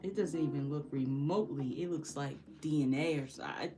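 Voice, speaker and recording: Talking fairly quickly in a low register, a young woman paints and chats casually for her vlog. She sounds frustrated but keeps making self-deprecating jokes and laughing, while soft music plays in the background.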